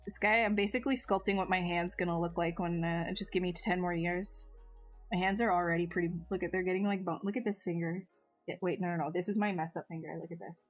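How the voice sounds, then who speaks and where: A woman's voice: on the low side, fairly even intonation, quick pace, soft background music. A woman chatting casually on a live stream while she sculpts, answering viewers in a self-mocking way that often trails off and restarts.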